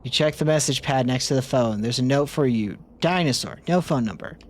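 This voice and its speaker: A man's voice: medium pitch, a little fast. A man streaming a game, reading its story text aloud as narration.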